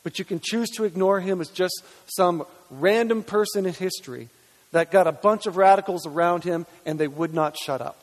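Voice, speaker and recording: A man's voice: high-pitched, moderate pace, long reverb tail. A man preaching a sermon as pastor, reading scripture aloud and pressing his points with earnest emphasis and repeated words.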